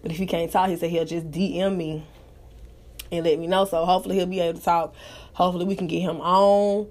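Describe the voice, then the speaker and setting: A woman hosting her own live talk show, chatting casually in an animated, profane, gossipy way. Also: lowish voice, fast. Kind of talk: casual chat.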